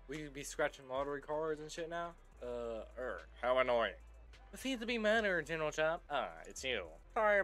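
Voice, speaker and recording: A man's voice: medium pitch, pushed and bright. A young man casually commenting on a video game as he plays, goofy and rambling, calling people brother. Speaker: gaming YouTuber.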